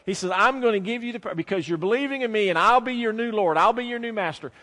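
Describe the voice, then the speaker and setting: A man's voice: high voice, fast talker, pushed and bright, big-room sound. A man preaching a sermon, telling a childhood story with emphatic repetition and acted-out quotes.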